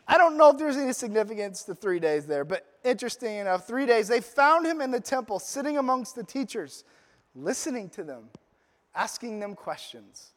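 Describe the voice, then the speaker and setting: A man's voice: high-pitched, very animated, moderate pace. A man preaching a sermon as a pastor, telling the story playfully with joking asides. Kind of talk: Father's Day sermon. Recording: long reverb of a large hall.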